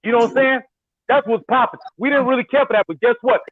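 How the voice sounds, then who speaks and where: A man's voice: very high voice, fast talker, no echo. A man arguing in a casual group debate, insisting and cutting in often. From Miami. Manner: insistent, keeps cutting in with "bro" and "Zoe". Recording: phone-like tinny line.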